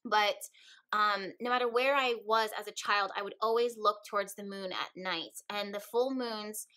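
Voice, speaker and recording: Bright-voiced woman chatting earnestly to viewers. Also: mid-range voice, smooth, rough recording. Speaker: vlogger and witchcraft shop owner. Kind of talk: casual talk to camera.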